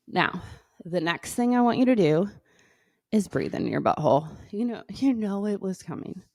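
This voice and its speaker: A woman wellness coach leading stretches and guided breathing, playful and upbeat at first, then slow and soothing. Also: medium pitch, lively intonation, a little mellow, no echo, clean studio sound. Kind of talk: exercise and guided breathing instruction.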